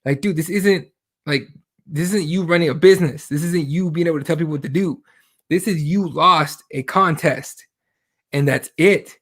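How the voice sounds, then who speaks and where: A male podcast co-host rants hotly about current events on a casual show, swearing plenty and slipping into impressions of the people he quotes. His voice is a bit higher than most men's.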